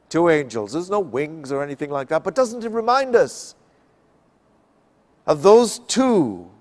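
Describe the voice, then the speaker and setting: A man from Canada giving an expository Bible talk, slow and emphatic, rising and falling for effect. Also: a little high. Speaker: Bible class speaker.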